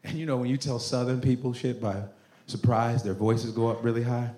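A man from Nigeria doing a loud, punchy, profane stand-up comedy set on a club stage. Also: mid-range voice, level tone, a little fast. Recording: echoey club with crowd noise. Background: audience laughter.

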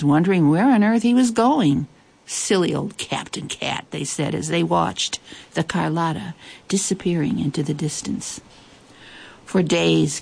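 Woman, children's story narrator, slightly low voice, lively and expressive with playful asides. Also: creaky.

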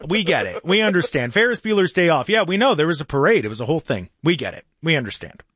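A man hosting a casual political talk radio show in a studio, animated and mocking, with jokey asides. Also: a little high, fast, slightly rough, dry recording.

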